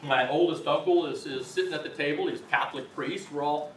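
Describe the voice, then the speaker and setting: A man's voice: fairly high pitch, a little fast, a bit bright, a little hiss or hum. A man teaching a language class in a chatty, encouraging way, telling anecdotes to the room. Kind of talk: informal classroom talk. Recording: echoey room from far off.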